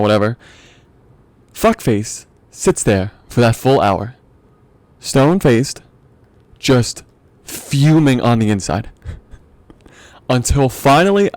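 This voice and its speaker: A man's voice: medium pitch, expressive, measured pace, long pauses, darkish tone, dry recording. A young man hosting a podcast, telling a comic rant in a profane, exasperated way and laughing often. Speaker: podcast host. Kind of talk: comedic storytelling rant.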